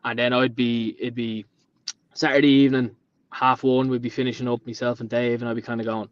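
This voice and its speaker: A man's voice: mid-range voice, flat delivery, a little fast, no echo. Young dublin guy rambling on, does little voices for people, sounds kinda muffled. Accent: Dublin Irish. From Ireland. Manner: rambling storyteller who acts out quoted dialogue. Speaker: podcast guest, painter and decorator. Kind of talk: casual chat. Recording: dull lo-fi sound.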